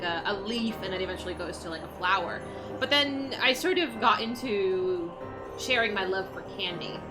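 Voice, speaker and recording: A woman streaming a video game, chatting casually and rambling with lots of fillers. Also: mid-range voice. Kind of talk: casual livestream chat while gaming. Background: game music.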